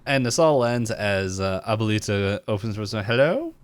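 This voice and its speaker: A man co-hosting a podcast, retelling a cartoon episode in a casual, animated way and jumping into the characters' lines with laughter. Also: fairly low pitch, normal speed, clean tone. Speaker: podcast co-host.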